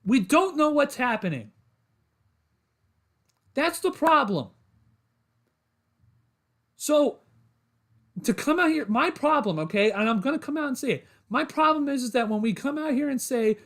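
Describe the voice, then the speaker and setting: A man's voice: extremely high pitch, expressive, a little slow, pauses often, a bit bright. A man hosting a solo sports podcast livestream, talking to his chat in a frustrated, repetitive rant.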